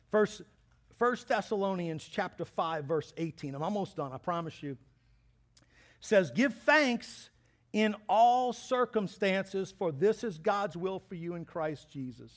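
Brief: man, high voice, pastor giving a sermon, animated and playful, acts out quotes. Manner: lively, joking preacher who acts out quotes.

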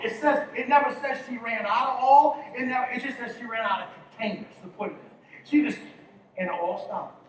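High-voiced male pastor in an echoey hall. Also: normal speed. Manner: exhorting, calls for congregation responses. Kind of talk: sermon. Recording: very echoey hall, distant mic, faint noise.

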